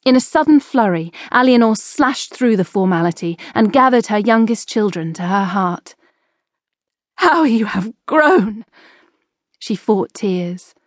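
A woman narrating a historical novel audiobook in a measured, expressive storytelling manner. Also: mid-range voice, no room sound, clean studio sound.

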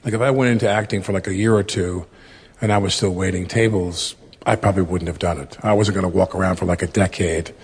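A man in his fifties with a raspy voice, talking candidly and rambling a little as a guest in a studio interview. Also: low-pitched, fairly even intonation, fast talker, a little hiss or hum. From United States. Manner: rambling, many fillers and self-corrections. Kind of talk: candid conversational storytelling.

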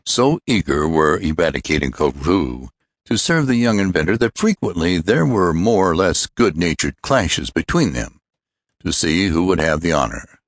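Man, audiobook narration, very deep voice, measured, dry close sound. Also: very animated, dry recording. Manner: measured, storytelling. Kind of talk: scripted narration.

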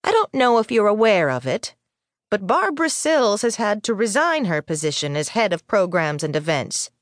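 A woman's voice: mid-range voice, very animated, normal speed, dry recording, clean studio sound, natural voice. A woman voicing a sullen, reluctant middle-aged female head librarian who speaks in a stiff, grudging way.

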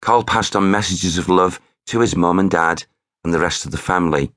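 Deep-voiced male memoir narrator, measured, dry studio read. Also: fairly bright tone, no echo. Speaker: author and narrator.

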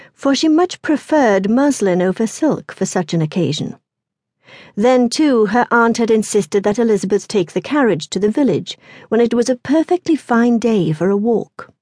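Expressive woman narrating an audiobook. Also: mid-range voice, dry recording, clean studio sound. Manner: measured, expressive storytelling. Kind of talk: scripted narration.

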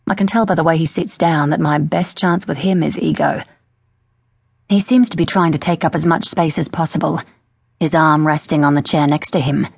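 A woman reading a first-person thriller audiobook in a measured, cool manner. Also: sits low, vocal fry, slightly rough, dry recording, clean studio sound. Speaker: audiobook narrator. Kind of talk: scripted first-person narration.

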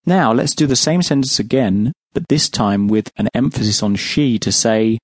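A man's voice: mid-range voice, moderate pace, hardly any pauses, no room sound. An English man teaching a language lesson on an audiobook, patiently explaining and then asking the listener to answer. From England.

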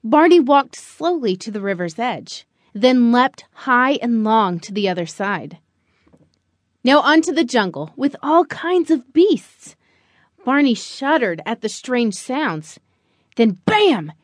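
A woman reads a children's picture book aloud in an unhurried, animated storytelling voice. Her pitch sits high and rises and falls a lot. The sound is dry and close. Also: no room sound. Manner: expressive, storytelling. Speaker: narrator. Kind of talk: children's audiobook narration.

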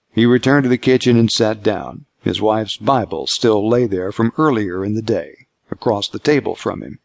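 A man reading scripted narration for an audiobook in a measured, steady way. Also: lowish voice, creaky, no echo.

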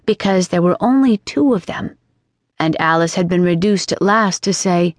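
A woman narrating an audiobook in a measured, gently expressive way. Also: on the low side, no echo. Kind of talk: scripted narration. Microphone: studio microphone. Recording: dry studio sound.

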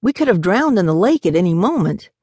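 A woman's voice: lowish voice, big pitch swings, a little fast, mellow, slightly rough, no echo. A woman voicing a nervous, fussy man who nags his mother and partner. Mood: anxious. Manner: nagging, worried. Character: anxious, fussy grown son.

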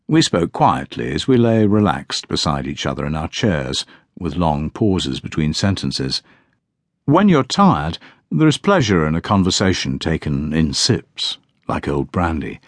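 Deep-voiced man narrating an audiobook. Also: big pitch swings, a little slow, no echo, studio quality. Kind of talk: scripted first-person audiobook narration.

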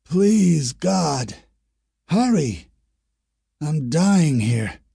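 A man's voice: on the high side, huge pitch swings, slow, darkish tone, breathy edge, dry recording, studio quality, voice pushed up, exaggerated voice. A man voicing a burned man crying out in pain, pleading and strained. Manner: pained, pleading.

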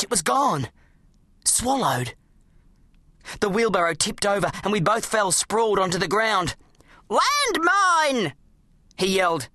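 An audiobook narrator, telling a children's adventure story in an animated, dramatic way. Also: mid-range voice, dry recording. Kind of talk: scripted narration of a children's book.

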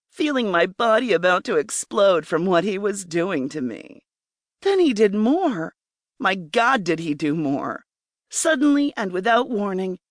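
Slow, intimate woman audiobook narrator. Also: mid-range voice, no echo, studio quality. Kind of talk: first-person erotic story narration.

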